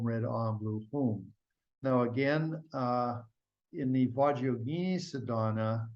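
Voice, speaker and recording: A man at a middle pitch gives a relaxed, rambling teaching, often restarting his sentences and chanting syllables as he explains. The recording is slightly dull and lo-fi. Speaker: Buddhist teacher.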